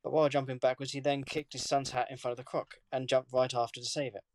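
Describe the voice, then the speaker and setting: A man, reading a news story aloud on a podcast in a plain, steady way. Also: mid-range voice, quick pace, dry recording, clean studio sound. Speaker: podcast co-host.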